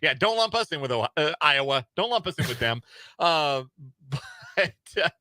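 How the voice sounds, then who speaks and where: A man's voice: fairly high pitch, big pitch swings, normal speed, bright, forceful tone, dry recording. A man from Colorado co-hosting a sports radio show in an easygoing way, laughing often and hesitating with fillers. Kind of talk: casual sports radio banter. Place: radio studio.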